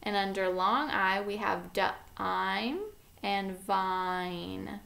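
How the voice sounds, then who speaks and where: Female kindergarten teacher, very slow careful delivery, spells sounds out letter by letter, encouraging. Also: medium pitch, level tone, creaky, fairly bright tone. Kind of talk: phonics lesson for young children.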